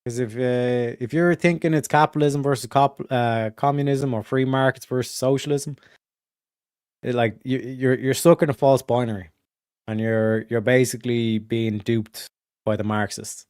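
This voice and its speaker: A man in the middle of a loose monologue on his stream, swearing freely and padding his talk with "like" and "you know." His voice sits at an ordinary pitch and is recorded close and dry, with no room sound. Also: fairly even intonation, normal speed, darkish tone, clear, resonant tone, no echo. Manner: profane, filler-heavy, restarts often; swings from emphatic to low muttered asides. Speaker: streamer hosting a study session. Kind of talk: casual rambling monologue.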